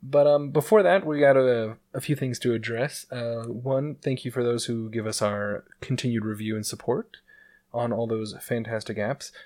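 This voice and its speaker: A man's voice: mid-range voice, steady tone, moderate pace, a little mellow. A man hosting a casual podcast, rambling with fillers and laughing often. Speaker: podcast host.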